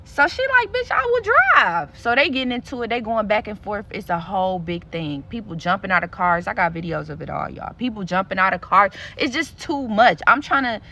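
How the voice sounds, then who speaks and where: Woman vlogger spilling a storytime, bright voice, cussing and animated. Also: medium pitch, fairly quick, hardly any pauses. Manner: blunt, profane, animated storytelling. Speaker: content creator. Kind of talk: storytime vlog.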